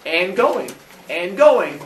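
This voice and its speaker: A man's voice: high voice, sing-song, takes it slowly, slight background noise. A man teaching a class, telling a story in a playful, joking and dramatic way. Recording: echoey classroom from far off.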